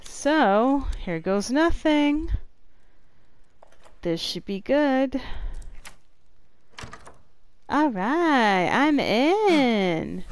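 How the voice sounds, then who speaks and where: A woman narrating a horror game as she plays, swearing a lot and moving from flat muttering to panicked yelps. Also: sits high, extremely slow, pauses often, clear, resonant tone. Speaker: gamer. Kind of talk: let's play commentary.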